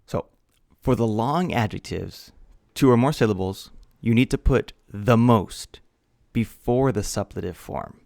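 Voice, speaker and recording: A man teaching an English grammar lesson, speaking slowly and deliberately, spelling out letters and repeating key words. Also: on the low side, creaky, a little mellow, no room sound, clean studio sound. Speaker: ESL teacher.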